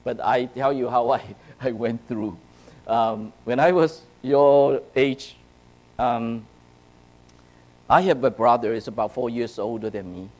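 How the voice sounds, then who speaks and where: Man from China, youth sermon, animated storyteller, hushed then loud, asks "right?" often. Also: mid-range voice, a little slow, poor audio. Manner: checks in with "right?" and "okay?". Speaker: youth speaker. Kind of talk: sermon to young people.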